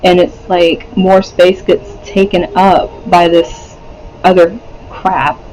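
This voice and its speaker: High-voiced man giving a rambling tarot reading. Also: level tone, takes it slowly, darkish tone, a little hiss or hum, rough recording. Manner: rambling, laughs often, swears, many fillers. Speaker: tarot reader. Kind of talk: casual pick-a-card reading.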